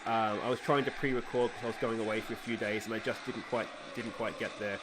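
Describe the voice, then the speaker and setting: A man with an Australian accent hosting a let's play, chatting casually about his football management game and breaking into excited shouts when goals go in. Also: lowish voice, quick pace, noisy background.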